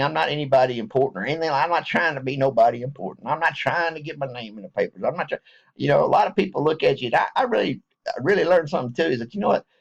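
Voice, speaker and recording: Man, gravelly folksy talker, rambles through an apology to viewers, dull home recording. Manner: folksy, wanders off and restarts, swings from low mumbles to high laughing excitement. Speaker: online video maker.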